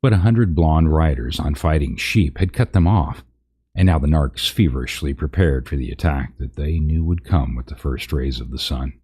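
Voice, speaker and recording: A man's voice: very deep voice, moderate pace, warm tone, slightly rough. A man reading a parody fantasy story aloud on a live stream, chatting with viewers and laughing at his own slips.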